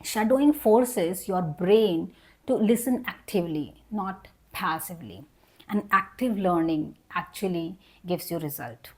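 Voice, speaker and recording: A young woman with a fairly low voice gives an online English lesson. She explains things step by step, repeats her points and says the example sentences aloud so learners can copy them. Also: expressive, measured pace, a little mellow. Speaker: English teacher.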